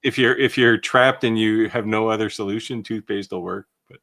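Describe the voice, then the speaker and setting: A man co-hosting a live maker Q&A in casual chat, explaining technical details in a plain, matter-of-fact way. His voice is low-pitched and recorded close and dry, with no room echo. He talks like a hands-on maker sharing what has worked for him. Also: fairly even intonation, normal speed, fairly bright tone.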